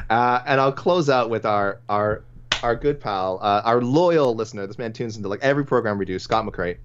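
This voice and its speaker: A man's voice: on the low side, moderate pace, a little hiss or hum. Chuckling man on a lo-fi podcast. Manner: chatty, chuckling, many restarts. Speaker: podcast co-host reading listener picks. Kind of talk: casual sports podcast chat. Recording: dull lo-fi audio.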